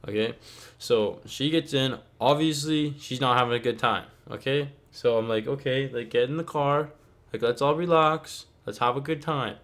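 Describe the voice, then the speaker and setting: A man's voice: medium pitch, moderate pace, fairly bright tone. A young man telling a story casually, rambling and filling his talk with "like" and "okay?".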